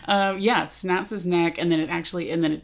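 Laughing woman with a gravelly low voice. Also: fairly quick. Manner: animated, laughing, full of fillers. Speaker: podcast co-host. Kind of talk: casual chat.

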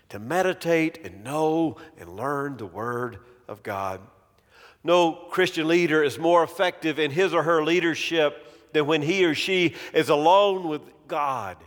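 A man preaching a sermon in a slow, measured way, letting phrase ends fall away softly. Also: mid-range voice. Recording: long reverb of a large hall.

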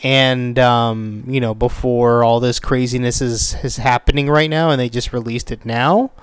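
Rambling, foul-mouthed man with a smooth voice. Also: mid-range voice, fairly even intonation, moderate pace, dry recording. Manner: rambling with many fillers, swears a lot when worked up. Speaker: commentator on a TV show. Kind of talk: casual rant.

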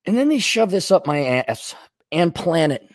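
A man hosting a podcast, rambling through a casual comedic monologue, going from low mutters to sudden outbursts. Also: sing-song, moderate pace. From Minnesota. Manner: rambling, wisecracking, swings between mutters and outbursts. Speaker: podcast host.

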